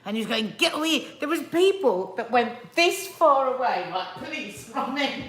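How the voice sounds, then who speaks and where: A woman's voice: a little high, sing-song, normal speed, a bit bright, reverberant, slight background noise. A middle-aged woman co-hosting a casual live chat about a TV drama, blunt and outspoken, laughing often. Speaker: co-host of a live review show.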